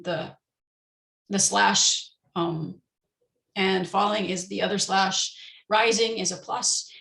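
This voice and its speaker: A woman teacher walks through classroom activities in an online conference session. Her voice has a gravelly fry, and she explains in a relaxed way, pausing on ums and restarting phrases. The sound carries an echoey room. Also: medium pitch. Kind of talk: conference talk on teaching pronunciation.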